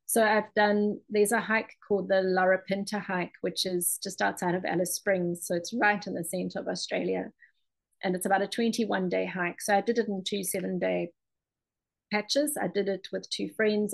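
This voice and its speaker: A woman's voice: mid-range voice, gravelly, poor audio. A woman giving a chatty presentation on her art, with many ums and restarts. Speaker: ceramic and mosaic artist presenting her work. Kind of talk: presentation talk.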